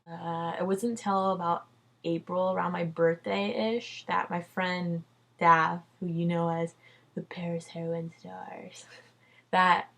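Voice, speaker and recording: A creaky, lowish female voice belongs to a young adult vlogger telling a personal story. The delivery is chatty and unstructured, full of "like" and "dude," and she swears freely.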